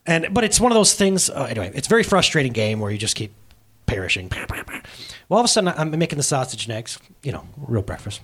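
A man in his thirties preaching a sermon as pastor, telling a story in a casual, animated way. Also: fairly high pitch, fast, husky.

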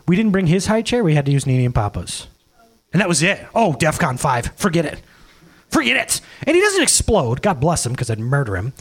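A man in his thirties preaches with a bright, high voice that leaps up and down. He tells stories casually and jokingly, full of quick asides and laughter. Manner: animated, jokey storytelling with laughs and quick asides. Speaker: pastor. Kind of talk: sermon.

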